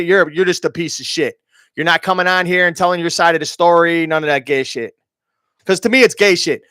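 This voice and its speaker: A man's voice: fairly high pitch, fairly bright tone, no echo, studio quality. A man from Minnesota hosting a stream, ranting in a heated, profane and taunting way. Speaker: streamer host. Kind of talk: ranting commentary.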